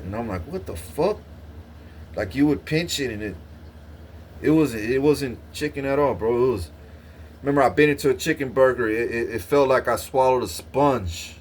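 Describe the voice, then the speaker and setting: A man's voice: medium pitch, normal speed, slight background noise. A young man telling a long rambling story to his stream, swearing constantly, laughing and restarting his sentences. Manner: profane, rambling, laughs often, stammers and restarts. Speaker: livestreamer.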